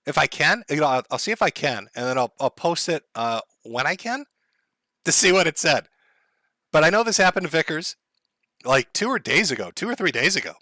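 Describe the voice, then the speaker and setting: A man's voice: on the high side, very animated, fairly quick, bright, forceful tone, dry recording, clean studio sound. A man hosting a casual livestream from home, ranting sarcastically with frequent laughs, swearing and mock-tragic asides. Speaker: livestream host. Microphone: headphones and desk mic.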